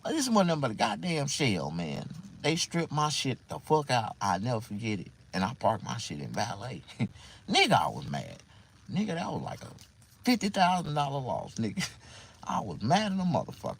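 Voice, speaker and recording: A man's voice: mid-range voice, wildly swooping pitch, moderate pace, creaky, slight background noise. A man telling a rambling personal story in a casual, profane way, laughing often and repeating himself.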